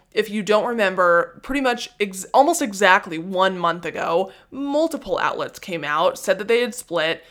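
A woman's voice: medium pitch, a bit bright. Young female podcast host, solo gossip episode, sarcastic and self-mocking delivery.

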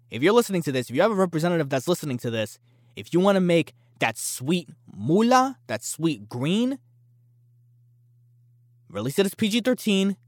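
A man's voice: a little high, dry recording, clean studio sound. A man hosting a casual opinion podcast, talking in a brash, boastful and challenging way. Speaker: podcast host.

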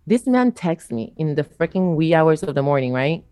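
A young woman telling a story in casual podcast chat, blunt and animated, swearing freely. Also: deep voice, moderate pace, no echo. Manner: blunt, profane, animated retelling. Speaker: podcast co-host.

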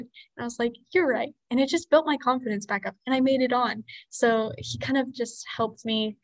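A teenage girl with a fairly high voice tells a personal story on a podcast. She acts out the back-and-forth lines of the people in it. The sound is dry and close, with no room echo. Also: fairly quick, hardly any pauses. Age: teens. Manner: storytelling, lively retelling of quoted exchanges. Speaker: student FFA officer and podcast co-host. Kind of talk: casual podcast chat.

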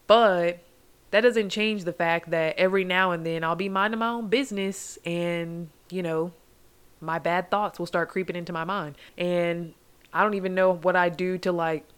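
Woman, young adult, podcast host, slightly low pitch, rambling, heartfelt, solo monologue. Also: fairly even intonation, moderate pace, clear, resonant tone. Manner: rambling, heartfelt, heavy use of "like" and "you guys".

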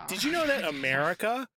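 A man co-hosting a casual podcast, joking in a deadpan way. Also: sits high, normal speed. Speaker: podcast co-host.

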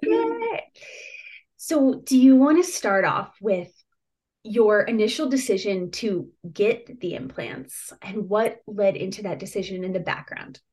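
A woman hosting a podcast, gently prompting her guest with questions. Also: medium pitch, measured pace, breathy edge. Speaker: podcast host. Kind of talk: interview questions.

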